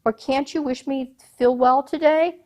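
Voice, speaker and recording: Brief: imperious folk-tale Sultan, lifted and loud, voiced by a woman. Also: high-pitched, steady tone, moderate pace, voice pushed up, natural voice. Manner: grand, imperious, coaxing. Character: proud, commanding Sultan, a ruler.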